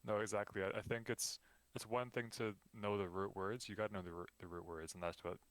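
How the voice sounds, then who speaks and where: Very low-voiced man chatting, dry sound. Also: a little fast, no room sound. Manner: relaxed, rambling, laughs often. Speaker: podcast co-host. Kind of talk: casual chat.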